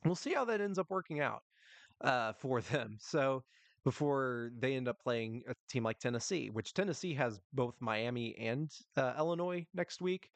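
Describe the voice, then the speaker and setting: A man's voice: medium pitch, lively intonation, moderate pace, no room sound. Casual young man rambling about sports. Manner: casual and rambling, with frequent ums and little laughs. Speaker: podcast host. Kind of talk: solo sports podcast talk.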